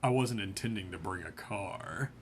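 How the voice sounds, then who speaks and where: A man reading aloud as a brooding young male vampire suitor, in a soft, low-key voice. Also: normal speed, breathy edge. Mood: restrained.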